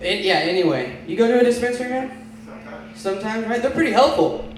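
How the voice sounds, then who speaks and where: On a small bar lounge stage, an Oklahoma stand-up comic riffs loosely with the audience, his high voice animated and fast. Crowd noise fills the echoey room.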